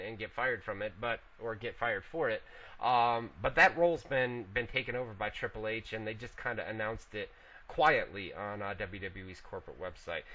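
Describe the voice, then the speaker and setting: A man's voice: lowish voice, bright, forceful tone. A man hosting an internet wrestling radio show in a casual, loose way, reading out listener questions and answering them. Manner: loose and profane, reads out names then answers. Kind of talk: casual wrestling news chat. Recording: dull lo-fi internet radio audio.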